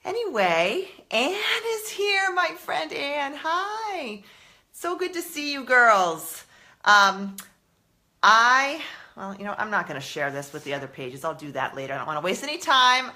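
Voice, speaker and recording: A woman's voice: medium pitch, big pitch swings, normal speed, pushed and bright. A woman hosting a casual live stream about fashion, chatty and rambling, stopping to correct herself, a little out of breath. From Massachusetts, US. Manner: chatty, rambling, self-interrupting.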